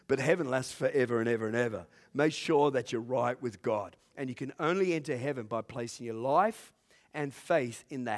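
A pastor in a church preaches a sermon to his congregation in a medium-pitched voice. He swings between loud, drawn-out preaching and hushed storytelling, laughing at his own jokes.

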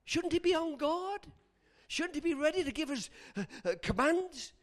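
A man's voice: extremely high pitch, expressive, a bit bright, voice pushed up. A preacher acting a fretful male soldier. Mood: anxious. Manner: fretful, rushed questions. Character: worried male soldier, anxious.

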